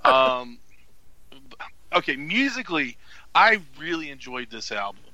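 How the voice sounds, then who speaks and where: Bright-voiced man, dry close mic. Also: a little high, sing-song, a little slow, no room sound, lo-fi sound. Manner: laughs a lot, hesitant restarts. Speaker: podcast co-host. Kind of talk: casual podcast chat.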